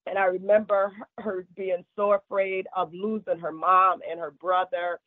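A woman's voice: fairly low pitch, little pitch movement, moderate pace, no room sound. A woman pastor in an interview, recounting calls for help in a heartfelt way. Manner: heartfelt, quotes callers at length. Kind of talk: emotional interview testimony. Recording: phone-like remote line.

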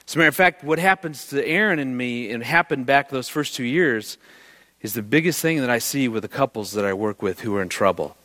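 A man's voice: mid-range voice, a little fast. A man giving a talk on marriage to a live audience, telling a family story and acting out the voices in it. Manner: animated, jokey, acts out his daughter's lines. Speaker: marriage speaker. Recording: long hall reverb.

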